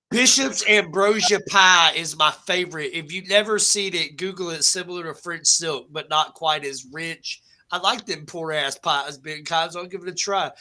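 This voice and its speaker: Tipsy man, high and very bright voice, crude and loud. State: drunk. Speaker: co-host of a fantasy football stream. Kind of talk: casual livestream chat.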